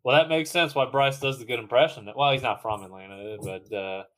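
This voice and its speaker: A man co-hosts a podcast in casual chat, laughing a lot, swearing freely and often restarting his sentences. His voice is medium-pitched and a bit bright, and he talks briskly.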